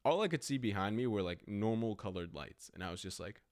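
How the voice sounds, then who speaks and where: This young podcast host has a lowish voice and talks fairly quickly with few pauses. His story rambles in a casual, animated way and is heavy with "like."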